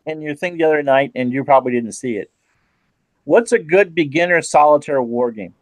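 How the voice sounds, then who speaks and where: A man's voice: on the high side, fairly quick, no room sound, rough recording. A man in a casual chat, asking a question about beginner games. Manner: asks questions, chatty.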